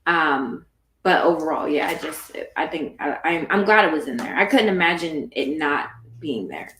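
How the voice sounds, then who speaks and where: A woman's voice: low voice, animated, moderate pace, fairly bright tone, a little hiss or hum. A woman in a casual book club discussion, sharing her impressions in a reflective, slightly hesitant way. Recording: echoey room.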